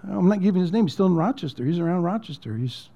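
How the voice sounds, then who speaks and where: A fast-talking pastor with a high, gravelly, animated voice tells his sermon like a conversation, heard through lo-fi sound. Repetition marks his speech, and emotional moments bring him down close to a whisper.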